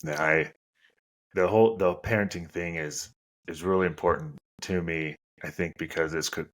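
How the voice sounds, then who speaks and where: A man's voice: sits low, moderate pace, gravelly, fairly bright tone. A man in his thirties hosting a casual podcast chat, blunt and opinionated, swearing casually. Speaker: podcast host.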